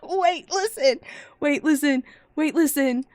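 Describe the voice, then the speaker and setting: A young woman, streaming a casual reaction, loud and profane with frequent exclamations. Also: high-pitched, slow pace, very noisy.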